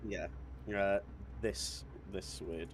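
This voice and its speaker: Low-voiced guy on voice chat, dry deadpan jokes, noisy mic. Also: very slow. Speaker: friend in voice chat. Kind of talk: casual voice chat.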